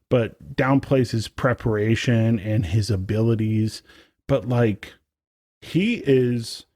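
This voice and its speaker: Guy rambling on a podcast, lots of likes, mid pitch, dead dry sound. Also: a little mellow, dry recording. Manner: rambling, filler-heavy, enthusiastic. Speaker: podcast co-host. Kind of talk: casual chat.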